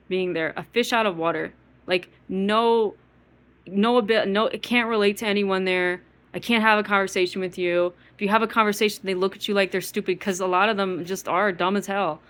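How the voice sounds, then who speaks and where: A woman's voice: medium pitch, a bit bright. East Coast woman, bitter profane vlog rant, filler-heavy and repetitive. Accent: East Coast American. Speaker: vlogger. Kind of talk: casual rant to camera.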